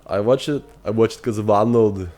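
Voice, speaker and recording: Irish male streamer, lowish voice, rambling and friendly with chat. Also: a little fast, a little mellow. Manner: chatty, thinks aloud with fillers and restarts; reads chat messages aloud and answers viewers. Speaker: game streamer. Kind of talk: casual live-stream chat.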